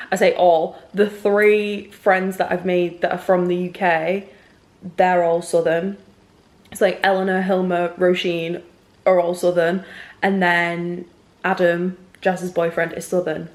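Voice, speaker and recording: A young woman from Manchester with a Manchester accent, chatting in a rambling casual vlog full of "like" fillers. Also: fairly low pitch. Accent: Northern English, Manchester. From Manchester, England. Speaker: vlogger. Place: outdoors walking around town, then a salon.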